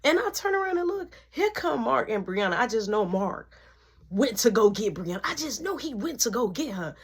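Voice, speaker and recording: A woman's voice: a little high, sing-song, normal speed, husky. A young woman telling a story in a casual vlog, acting out each person in it.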